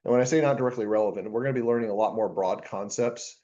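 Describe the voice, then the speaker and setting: A lower-pitched man lecturing a college class, talking casually and cracking jokes with the room between points. The recording is dull and muffled, like a cheap classroom capture. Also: fast, warm tone. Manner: joking, chatty, self-deprecating asides. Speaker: university accounting professor.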